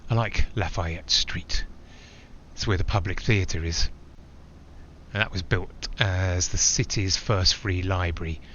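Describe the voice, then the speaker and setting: In this theatrical monologue, a narrator-pilot played by an actor reflects on flying solo, digressing in a musing way with small pauses. The deep voice is steady and sharp at a measured pace, and the muffled recording has a little hiss or hum.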